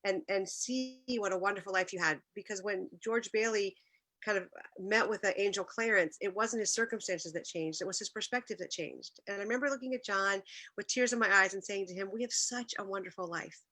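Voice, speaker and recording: A middle-aged woman speaks with a bright, forward tone in an earnest devotional talk. Her delivery is personal and heartfelt, sometimes emotional, with small restarts as she tells her stories. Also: mid-range voice, a little fast.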